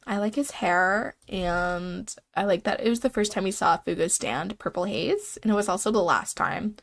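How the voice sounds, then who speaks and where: A woman's voice: mid-range voice, gravelly. A young woman with a stuffy, congested voice chats casually on her stream. She rambles loosely and laughs often as she talks.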